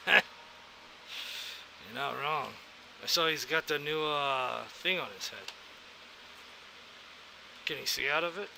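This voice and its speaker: A man with a strongly gravelly, very bright and forceful voice plays a veteran in a sci-fi role-play. He talks in an easygoing, fatherly way, over faint background noise. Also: on the high side, slow, long pauses, low-quality recording. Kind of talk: in-character role-play chat.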